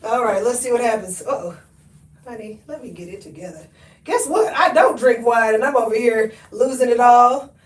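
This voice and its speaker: A woman hosts a live thrift haul try-on stream, chatting folksy with viewers, laughing, and calling them honey and y'all while out of breath. Her voice is a little high at normal speed, picked up by a distant camera mic she often steps away from. The room is echoey, and she's frequently off-mic.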